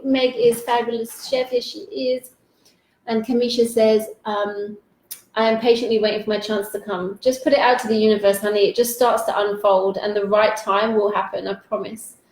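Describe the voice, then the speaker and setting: A woman's voice: on the high side, a little mellow. A woman hosting a live interview, gushing and effusive, reading out viewer comments in a casual, swearing-friendly way. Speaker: host. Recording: echoey room.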